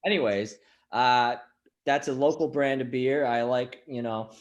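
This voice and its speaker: A man's voice: mid-range voice, a little slow, dull audio. A man from Boston doing crude, sarcastic casual stand-up as a guest comedian over a video call. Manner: crude, sarcastic, drifts into put-on voices.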